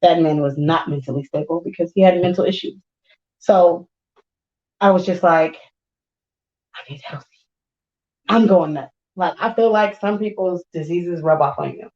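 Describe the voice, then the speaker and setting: Laughing, animated woman telling stories. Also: lowish voice, moderate pace, echoey room, muffled recording. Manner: animated storyteller, acts out quotes, laughs often. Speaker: podcast co-host. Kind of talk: casual chat.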